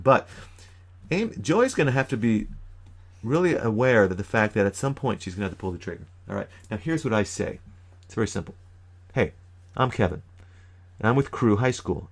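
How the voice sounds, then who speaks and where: A man giving an animated, emphatic youth ministry training talk, with sudden loud bursts. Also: lowish voice, gravelly. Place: lives in New York.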